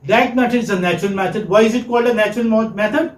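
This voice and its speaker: Male lecturer, high pitch, quizzes students and repeats points, roomy echo. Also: rapid-fire. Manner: asks the class questions and praises answers, repeats points. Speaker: English teaching lecturer. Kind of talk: classroom lecture. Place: classroom. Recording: echoey classroom.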